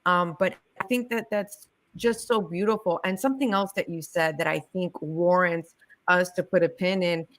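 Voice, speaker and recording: A woman's voice: on the low side, a bit bright. A woman from the Chicago area hosting a casual interview, affirming her guest and reading out chat messages. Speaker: host.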